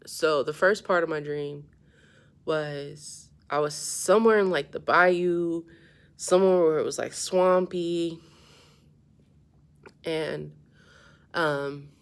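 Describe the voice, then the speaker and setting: Low-voiced woman telling a dream, swearing freely. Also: slow, pauses often, clear, resonant tone. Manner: animated and profane, grows louder and more excited as the story builds; low-key and subdued at the start. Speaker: vlogger. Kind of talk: casual storytelling monologue.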